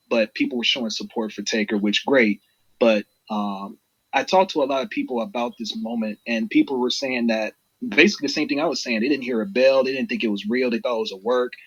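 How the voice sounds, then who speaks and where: A man co-hosting a casual wrestling podcast, an excitable storyteller who swears freely and talks straight to his listeners. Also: medium pitch, breathy edge, dull audio. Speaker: podcast co-host.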